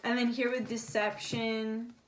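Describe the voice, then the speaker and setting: A young woman with a slightly high voice talks through a tarot spread in a loose, chatty way. She relays messages in a soft, confiding tone and drops casual swears as she goes. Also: little pitch movement, a little slow, slight background noise. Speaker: tarot reader. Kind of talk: casual channeled tarot reading.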